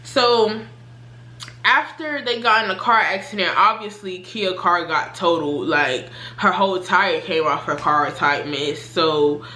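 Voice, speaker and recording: Chatty young woman with a bright voice. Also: measured pace, roomy sound. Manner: animated retelling, voices her own past reactions with rising pitch. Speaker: storytime vlogger. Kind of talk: casual storytelling.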